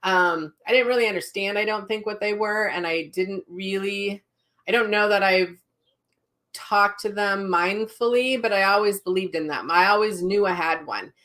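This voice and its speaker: A woman's voice: mid-range voice, moderate pace, a bit bright. A middle-aged woman, a psychic medium, casually chatting on a live stream, telling stories and reading viewer comments aloud.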